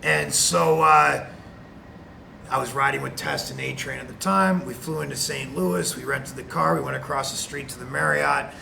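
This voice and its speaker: A middle-aged man from Canada, a retired wrestler telling an animated anecdote as a guest on a video call. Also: medium pitch, moderate pace, vocal fry, a little hiss or hum. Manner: animated, acts out quotes. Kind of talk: anecdote storytelling.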